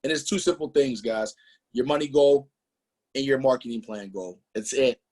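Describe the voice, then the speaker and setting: A man's voice: mid-range voice, moderate pace, a little mellow. A man giving an emphatic, motivational sales presentation on a business call, talking straight to his audience. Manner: hyped, emphatic, talks to the audience directly.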